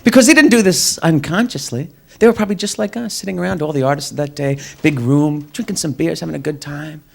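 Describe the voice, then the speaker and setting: Young male stand-up comic, high voice, wry and mocking delivery, club stage. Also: fast talker, creaky. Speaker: stand-up comedian. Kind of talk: stand-up comedy set. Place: comedy club stage with live audience.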